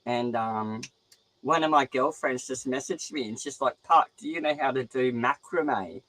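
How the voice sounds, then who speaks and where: A man's voice: medium pitch, moderate pace, dry recording, poor audio. A young Australian man chatting casually about crafts, rambling and swearing freely. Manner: profane, rambling, animated. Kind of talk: casual chat.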